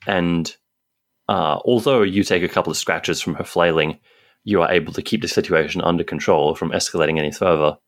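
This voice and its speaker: A man running a tabletop game as game master, narrating quickly and casually with many fillers. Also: low-pitched, steady tone.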